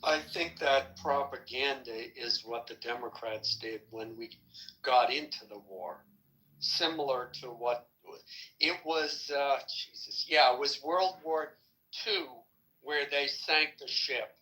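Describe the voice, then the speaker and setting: A man making measured historical points in a casual political discussion. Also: medium pitch, bright, forceful tone, poor audio. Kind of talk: casual opinion chat.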